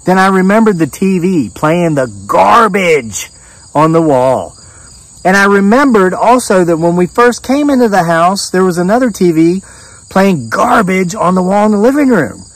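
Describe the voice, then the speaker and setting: A man's voice: high voice, expressive, moderate pace, no room sound, distant mic, low-quality recording. A middle-aged man telling a rambling story as a homesteading vlogger, with restarts and bits of quoted dialogue. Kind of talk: casual storytelling monologue. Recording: voice set back from the mic.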